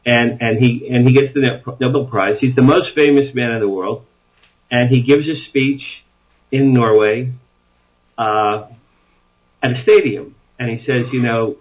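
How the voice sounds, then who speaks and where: A man speaks as an interview guest, eagerly laying out ideas in long runs and restarting his sentences as he goes. His voice sits at a middle pitch for a man. The audio is dull and lo-fi. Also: fairly even intonation, a little slow. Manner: enthusiastic, rambling storyteller with frequent restarts. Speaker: author guest. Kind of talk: interview conversation.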